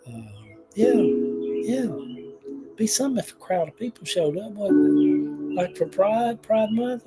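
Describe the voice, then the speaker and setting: A man's voice: high-pitched, animated, a little slow, pauses often, over loud music, low-quality recording. An older man, chatting casually and emotionally on a livestream, rambling and reading viewer comments aloud. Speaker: livestream host.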